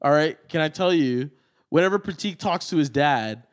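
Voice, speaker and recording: Excitable joking man, lively pitch. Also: moderate pace. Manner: excitable, joking, says dude a lot. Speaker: podcast host. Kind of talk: casual chat.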